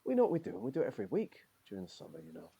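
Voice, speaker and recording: Man doing a proud middle-aged Morris dancer for a role-play game: opinionated, rambling, lively up-and-down delivery. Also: fairly low pitch, very fast, vocal fry, husky, lo-fi sound, heavily acted. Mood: recalling. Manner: opinionated, rambling, says "aye". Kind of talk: improvised character role-play.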